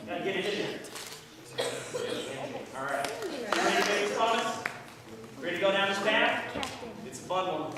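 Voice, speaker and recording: A man's voice: sits high, animated, moderate pace, long pauses, heavy background noise. A man playing a rowdy backwoods bobcat mountain man at a scout ceremony, hammy and teasing, recorded from far off in an echoey hall. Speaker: costumed ceremony character.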